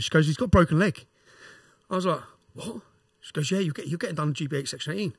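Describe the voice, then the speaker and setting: A middle-aged English-accented man, appearing as a podcast guest, talks fast in a slightly rough, somewhat high voice. His emphatic storytelling and ranting is punctuated by repeated "yeah?" prompts to the listener. The sound is clean studio quality with no room sound.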